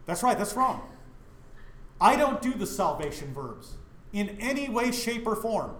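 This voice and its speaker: A man's voice: high voice, measured pace, roomy sound, slight background noise. A middle-aged man from Wyoming, a pastor teaching a Bible study in a church, who keeps asking his listeners questions. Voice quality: animated, questioning the audience.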